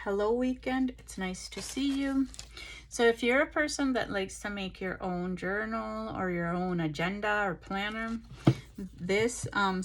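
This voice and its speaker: A tired woman chatting casually through a craft haul, relaxed and full of ums and pauses, recorded on a phone. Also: mid-range voice, slight background noise. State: tired, yawning. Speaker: craft vlogger. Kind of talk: casual show-and-tell chat.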